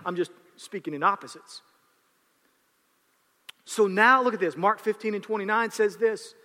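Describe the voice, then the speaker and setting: A man preaching a sermon, animated and dramatic, often repeating words as he acts out scenes, in a church hall with long reverb. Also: sits high, normal speed.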